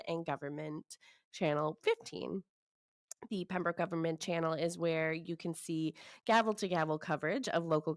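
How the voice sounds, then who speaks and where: A woman's voice: sits low, no echo. A woman co-hosting a real estate show, reading town facts in a chatty way with fillers. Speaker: real estate podcast co-host. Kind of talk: casual chat.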